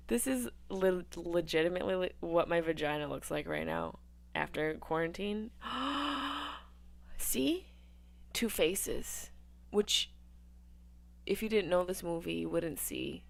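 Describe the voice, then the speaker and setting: Woman doing crude live movie commentary, gravelly voice, dry close mic. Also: fairly low pitch, sing-song, slow pace, long pauses, no room sound. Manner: crude, rambling, jokey, swings between loud outbursts and hushed asides. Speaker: comedian hosting a live movie watch-along. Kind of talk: casual riffing commentary over a film.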